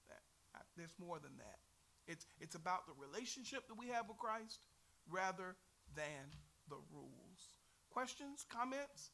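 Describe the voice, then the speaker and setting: Texan Bible teacher, middle-aged man, high bright voice, folksy and earnest, teases the class.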